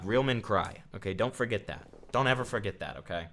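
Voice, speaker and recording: A man's voice: medium pitch, expressive, fast talker, bright, forceful tone. A man streaming, giving crude, sarcastic commentary in casual livestream chat. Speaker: streamer reacting to a clip.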